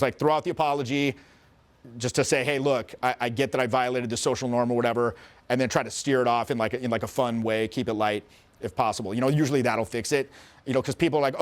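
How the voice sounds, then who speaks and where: A middle-aged man, a social skills coach, telling stories in a casual interview with an animated, profane delivery. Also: medium pitch. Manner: profane, animated, acts out quoted voices.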